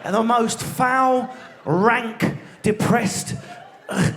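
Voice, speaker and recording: Essex stand-up, bright high voice, fast sweary rants with shouted bursts, live theatre mic. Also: male voice. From England. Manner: rapid, swearing, mock-outraged rants with frequent shouting. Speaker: stand-up comedian. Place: large theatre stage. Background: audience laughter.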